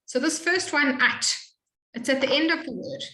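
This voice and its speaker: Woman tutor, bright higher voice, echoey room, spells out sounds slow and patient. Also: animated. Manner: explains patiently, models sounds slowly. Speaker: Hebrew tutor. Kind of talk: one-on-one reading lesson.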